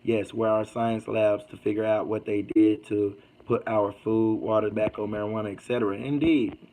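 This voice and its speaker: A man's voice: on the low side, steady tone, moderate pace, warm tone, a little hiss or hum, low-quality recording. A man hosting a casual livestream, reading out comments and preaching in a loose, slangy way. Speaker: livestream host.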